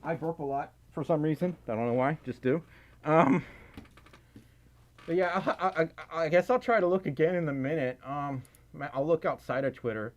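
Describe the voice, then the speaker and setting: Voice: mid-range voice, normal speed. A livestreamer chatting casually and reading out donations, often out of breath, giggling and stumbling over words.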